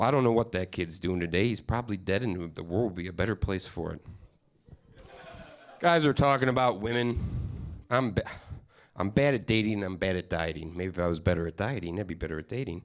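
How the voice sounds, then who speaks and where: A man from Upstate New York performing a stand-up comedy set, telling profane, rambling stories with mock-exasperated asides. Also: fairly low pitch. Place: comedy stage with live studio audience.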